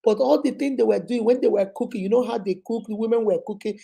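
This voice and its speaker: A Nigerian woman in her thirties hosts a casual live stream, chatting and greeting viewers by name while her voice turns a little hoarse from a cold. She speaks fast in a fairly high-pitched, warm voice.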